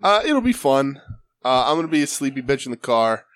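A man's voice: medium pitch, big pitch swings, brisk, fairly bright tone, no echo. A man co-hosting a casual wrestling podcast, sniffly from allergies, with dry, wry jokes. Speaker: podcast co-host. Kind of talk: casual chat.

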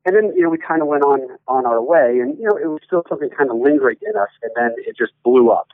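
A soccer broadcaster in his forties chats in a casual podcast, rambling and restarting his sentences often, heard over a tinny, dry call line. He talks fast at a medium pitch, with no echo.

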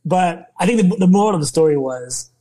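A young man from Nigeria, a podcast guest telling a long story in casual interview talk, animated and often laughing. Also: sits high, fairly quick, low-quality recording.

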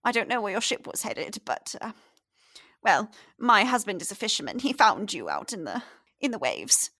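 A woman's voice: medium pitch, very animated, moderate pace, sharp tone, heavily acted. A woman voicing a chatty, motherly old woman, a fisherman's wife who fusses over a guest. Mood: fussing.

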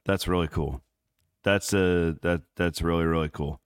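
A man's voice: deep voice, fairly even intonation, a little slow, smooth, dry recording, clean studio sound. A man from Southwest Iowa co-hosting a live sports podcast, rambling through casual chat with lots of fillers. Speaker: podcast co-host. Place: on the road in Memphis.

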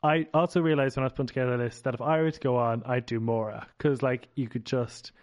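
Irish man, mid-pitched voice, chatty, eager, casual podcast talk. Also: fairly even intonation, fast talker. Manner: chatty, listing ideas eagerly. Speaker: podcast co-host. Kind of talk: casual chat.

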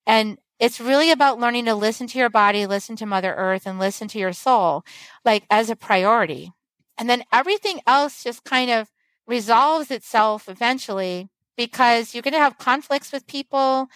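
A woman with a slightly high voice speaks earnestly in a flowing, teacherly way on a podcast. The sound is dry and close, with no room around it. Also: normal speed, a bit bright, no echo, rough recording. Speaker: guest author and medicine woman. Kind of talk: casual podcast conversation.

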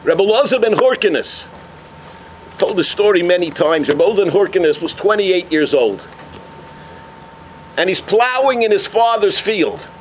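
A man teaching a Torah class as a lively storyteller who mixes in Yiddish and Hebrew terms. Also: high voice, moderate pace, pauses often, a little hiss or hum.

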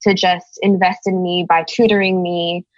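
A woman's voice: on the low side, little pitch movement, normal speed, dry recording, lo-fi sound. A woman raised in the United States, speaking as an interview guest in an earnest, thoughtful way, searching for her words. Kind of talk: reflective conversation.

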